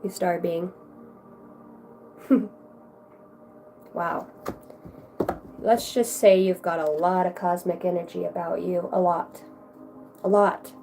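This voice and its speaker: A woman's voice: on the low side, warm tone. A woman giving a casual livestream card reading, chatty and effusive, swearing freely as she talks to her viewers. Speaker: tarot reader.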